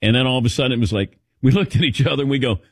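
A man's voice: medium pitch, racing, no room sound, studio quality. A middle-aged man hosting a radio show, telling stories casually and acting out what others said. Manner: animated anecdotes, quotes others in voices. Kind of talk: casual storytelling chat.

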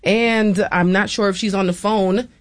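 A woman hosting a public radio talk show from a studio, measured and slowing down for lists and phone numbers. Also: medium pitch, steady tone, no echo. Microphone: studio microphone.

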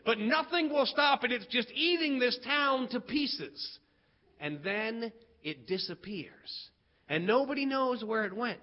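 A man performing a story to an audience, animated, with dramatic build-ups and sudden shouts. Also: very high voice, measured pace. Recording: dull lo-fi recording.

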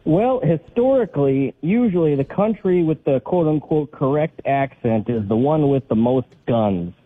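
A man calling in to a radio show, cracking wry jokes. He has a husky, slightly high voice. It comes through a tinny phone line. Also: expressive, moderate pace. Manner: joking, wry. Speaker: caller. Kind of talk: call-in radio chat.

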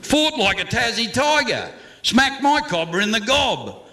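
Lively, bright-voiced man reciting comic verse. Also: extremely high pitch, unhurried. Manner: theatrical, swooping delivery with chuckles. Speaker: comic performer.

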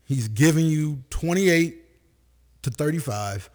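A man co-hosting a radio sports talk show, joking and arguing about players in slangy, animated banter. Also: a little high. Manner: animated, slangy, quick to joke.

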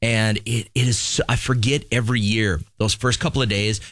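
Brief: middle-aged man, co-host, relaxed talker, lowish voice, dry sound. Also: normal speed, dry recording. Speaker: co-host and football coach. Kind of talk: casual chat.

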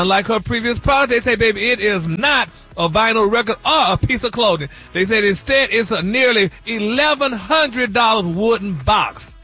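A man's voice: high-pitched, pushed and bright, slightly rough. A man hosting celebrity news on a radio morning show, sassy and flamboyant, calling everyone honey and baby, and singing bits of his lines.

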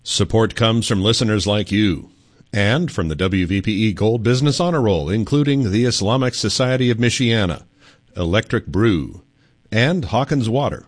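A man reading underwriting credits for a radio station in a steady, formal way. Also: on the low side, normal speed. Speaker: station announcer.

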